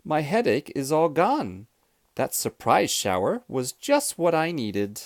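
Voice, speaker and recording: A man's voice: on the high side, huge pitch swings, slow pace, no room sound, studio quality, voice pushed up, exaggerated voice. A man voicing a weary guest woman in a children's storybook read-aloud, lifting his voice for her, apologetic in tone.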